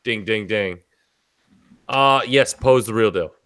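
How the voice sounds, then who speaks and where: A man's voice: lowish voice, slow pace, fairly bright tone, smooth, no room sound, clean studio sound. A man hosting a casual livestream chat, boisterous and tipsy, swearing and laughing as he talks. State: tipsy from drinking. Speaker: podcast host.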